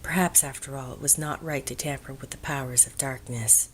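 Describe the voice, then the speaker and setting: A woman narrating an audiobook of a classic novel in a gentle, measured storytelling voice that often drops to a hush. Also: rumbling low, fairly even intonation, slight background noise.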